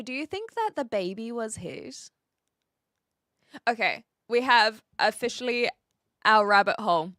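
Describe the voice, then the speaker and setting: A woman's voice: mid-range voice, fairly bright tone, no room sound, clean studio sound. A woman hosting a livestream, chatting casually and laughing often as she reads viewer messages. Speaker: livestream host.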